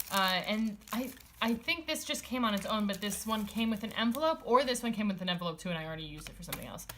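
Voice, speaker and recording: A woman's voice: medium pitch, fairly bright tone, slight background noise. Chatty woman rambling through a haul. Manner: chatty and rambling, many fillers and restarts; enthusiastic, gushing over items. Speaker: vlogger showing a stationery haul. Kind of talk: casual chat.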